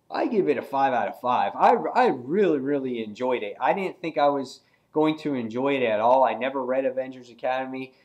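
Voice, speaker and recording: A man at home talks through a comic book on camera in a relaxed, rambling way, with plenty of ums and uhs. His voice sits at an ordinary middle pitch, and he jumps higher whenever he reads a character's line aloud. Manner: relaxed and rambling, many fillers, acts out quoted lines in a higher voice. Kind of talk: casual video review.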